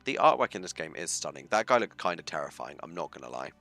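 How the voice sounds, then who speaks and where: A man's voice: deep voice, sing-song, fast, sharp tone, faint music behind. A man streaming a story game, reading its text aloud with chatty, self-mocking asides.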